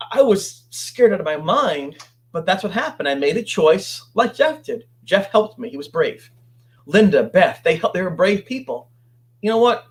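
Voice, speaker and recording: A man telling his story as a guest on an interview show, animated and acting out what others said. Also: high voice. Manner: animated, acts out quoted voices.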